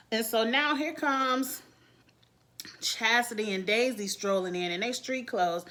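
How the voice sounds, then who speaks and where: A woman reviewing a TV episode in a casual vlog, retelling scenes in an animated, blunt, slangy way and laughing often. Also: on the high side, a little slow. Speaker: TV show reviewer.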